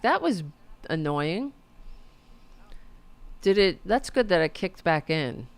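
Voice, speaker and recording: A woman's voice: low-pitched, creaky, clear, resonant tone. A woman hosting a podcast, giving casual political commentary in a sarcastic, mocking way and swearing freely. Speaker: podcast host.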